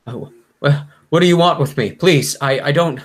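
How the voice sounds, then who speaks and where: A man's voice: low voice, steady tone, slow pace, a bit bright, heavily acted. A man voicing a frightened balding male prisoner who stammers and pleads desperately. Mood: panicked pleading.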